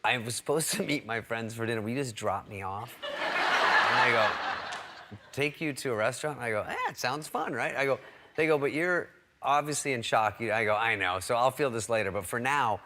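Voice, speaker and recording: A man's voice: medium pitch, normal speed. A man telling comic stories as a talk show guest, acting out the voices of people in them. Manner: animated, acts out quoted voices. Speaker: guest comedian.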